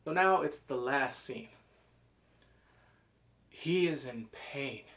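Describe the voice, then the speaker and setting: A man reviewing a TV episode in a casual, animated way, swearing freely and acting out scenes with quick put-on voices. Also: mid-range voice, vocal fry. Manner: swears casually, slangy and emotional. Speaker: TV show reviewer.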